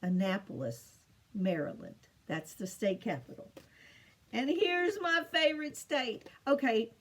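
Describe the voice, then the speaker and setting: A middle-aged woman teaching children, slow and patient, repeating each answer in a sing-song lilt. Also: mid-range voice. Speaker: teacher of state capitals to children. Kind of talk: slow home-made lesson for children.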